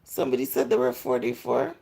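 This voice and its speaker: Jamaican lady around forty, super gravelly fry all through her voice, chatting with viewers on a live stream, mixes in patois. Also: very deep voice, big pitch swings, fast, warm tone. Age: 40s. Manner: chatty and candid, slipping into patois. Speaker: livestream host. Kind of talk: casual live chat answering viewer comments.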